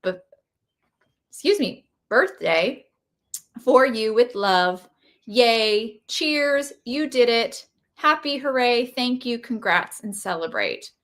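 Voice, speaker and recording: Brief: fairly high-voiced woman, enthusiastic live crafting demo host, casual and gushy. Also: lively intonation, takes it slowly, fairly bright tone. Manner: chatty and enthusiastic, gushing over products. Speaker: craft product demonstrator. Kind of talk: casual live product walkthrough.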